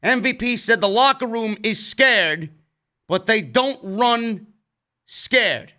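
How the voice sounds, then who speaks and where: Brief: New York man, high bright voice, profane heated review rant. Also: slow. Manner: heated, swears a lot. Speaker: wrestling show reviewer.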